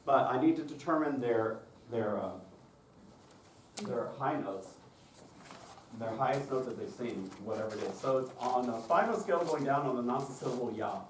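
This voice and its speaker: A man's voice: mid-range voice, moderate pace. A man presenting a choir directors' workshop, explaining his methods step by step and often checking in with the audience with "okay?". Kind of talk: conference lecture with demonstrations. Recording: roomy and distant with faint noise.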